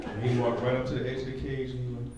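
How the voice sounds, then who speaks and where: A man performing stand-up, telling an animated story. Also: medium pitch, quick pace, over a noisy crowd. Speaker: stand-up comedian. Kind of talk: stand-up set. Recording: distant, very echoey, loud noise.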